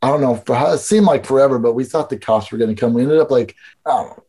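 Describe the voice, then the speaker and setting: A man's voice: medium pitch, animated, fast talker, dark tone, breathy edge. A man telling stories in a casual interview, loose and rambling, full of fillers and swearing. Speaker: guest. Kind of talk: casual storytelling chat.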